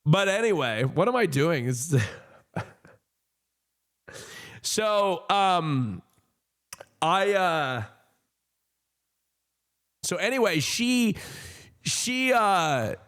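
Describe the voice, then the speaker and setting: A man's voice: sits high, sing-song, very slow, long pauses, a bit bright, clear, resonant tone. A man in his thirties telling a personal story on a stream. He rambles with many fillers, laughs and swears. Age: 30s.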